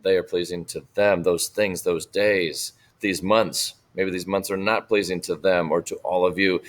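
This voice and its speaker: A man teaching a recorded Spanish lesson, patiently repeating words slowly for students to copy. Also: sits low, steady tone.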